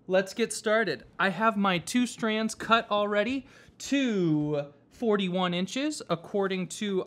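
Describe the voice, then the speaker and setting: A man teaching whipmaking, explaining each step patiently with frequent pauses and fillers. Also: sits high, fairly bright tone. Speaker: whipmaking instructor. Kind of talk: hands-on craft tutorial. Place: workshop.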